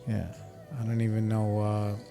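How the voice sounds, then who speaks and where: A man's voice: on the low side, monotone, normal speed, gravelly, dark tone, soft background music. A man hosting a casual solo podcast, talking in a laid-back, rambling way with lots of fillers and swearing. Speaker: podcast host. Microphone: studio microphone.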